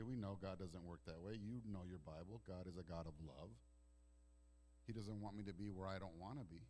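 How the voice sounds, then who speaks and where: A male pastor delivering a sermon in a church, swinging between loud declarations and hushed, slow passages, often repeating words as he restarts phrases. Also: fairly low pitch. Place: church sanctuary.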